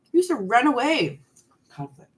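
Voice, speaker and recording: A woman's voice: fairly high pitch, big pitch swings, normal speed. A woman in her forties hosting a live stream, chatting candidly and answering viewers' questions while snacking on candy. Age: 40s.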